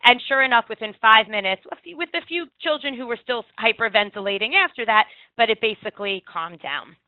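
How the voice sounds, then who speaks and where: A woman's voice: on the high side, fairly quick, dry recording, phone-quality sound. A woman early childhood educator giving earnest, practical advice and telling classroom anecdotes, with brief restarts now and then. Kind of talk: instructive talk with anecdotes.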